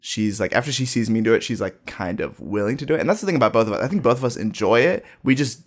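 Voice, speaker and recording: A man's voice: mid-range voice, fast. A man in casual conversation, animatedly telling a travel story and acting out the lines of people in it. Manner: animated storyteller, acts out quoted dialogue. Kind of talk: casual chat.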